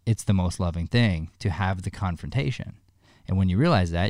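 A man with a very deep voice speaks in earnest. He tells a story and offers advice, often restarting his sentences. The sound is close and dry. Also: expressive, moderate pace, a little mellow, no room sound. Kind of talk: heartfelt one-on-one conversation.

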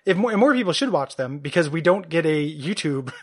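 Fast-talking rambling man, podcast host. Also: a little high, very animated, slightly rough. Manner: rambling, self-deprecating, lots of fillers. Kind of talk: casual chat.

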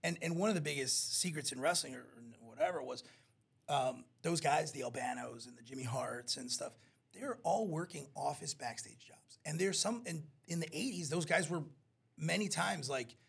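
A man chatting as an interview guest, animated and acting out quotes as he tells stories. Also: a little high, moderate pace, vocal fry, breathy edge. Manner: animated storyteller, acts out quotes. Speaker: wrestling promoter guest. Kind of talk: casual interview chat.

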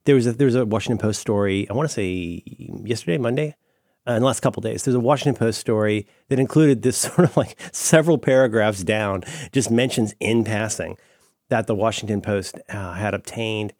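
A man's voice: fairly low pitch, brisk, darkish tone, no echo, studio quality. A man co-hosting a casual podcast, playful and jokey, rambling through his thoughts. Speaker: podcast co-host. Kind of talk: casual chat.

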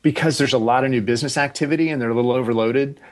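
Guy in his 40s just chatting on a podcast, laid back, wanders off on asides, middle-pitched voice. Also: very fast. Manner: relaxed, rambling, frequent restarts and asides. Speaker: podcast guest, agency founder. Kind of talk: casual interview chat.

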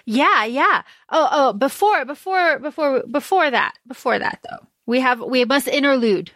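Bright high-voiced woman recapping a book. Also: measured pace, no echo, clean studio sound. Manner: chatty recapping, quotes characters in lively voices. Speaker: podcast co-host. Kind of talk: casual book discussion.

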